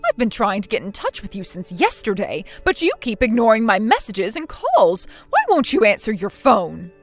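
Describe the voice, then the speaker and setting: A woman voicing a spiteful, domineering older mother-in-law in a scripted text-message drama, scolding harshly and loudly. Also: medium pitch, wildly swooping pitch, normal speed, no echo, soft background music.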